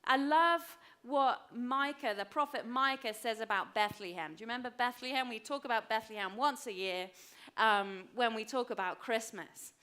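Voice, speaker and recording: A woman's voice: a little high, normal speed, few pauses, smooth. Emphatic woman preaching. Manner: emphatic, repeats phrases for weight; drops to a hushed voice for personal stories. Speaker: pastor. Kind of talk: sermon.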